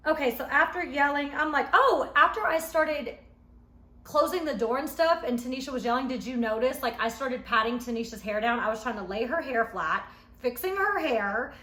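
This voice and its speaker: A woman casually recapping a reality show episode she was in, telling it in an animated, emphatic way. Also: high-pitched, normal speed. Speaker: reality show cast member reviewing her episode. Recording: echoey room.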